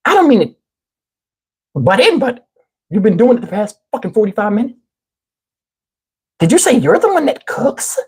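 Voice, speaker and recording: A man voicing a prim, pretentious woman who keeps butting in, with an affected, drawn-out way of talking. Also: very high voice, sing-song, a little mellow, slightly rough, pitched above the performer's own voice, exaggerated voice.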